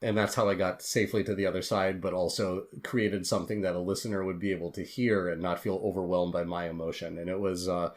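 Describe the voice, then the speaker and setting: Low-ish guy, earnest heartfelt storytelling, podcast interview guest. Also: little pitch movement, quick pace, few pauses. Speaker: guest author.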